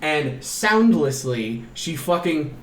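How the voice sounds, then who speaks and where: A man on a casual podcast retells a horror movie scene by scene, slipping into the characters with gasps, shouts and plenty of swearing. His voice sits a little high. The room is echoey, with faint background noise. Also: takes it slowly. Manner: animated storyteller, acts out characters with gasps and shouts, swears often. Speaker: podcast co-host.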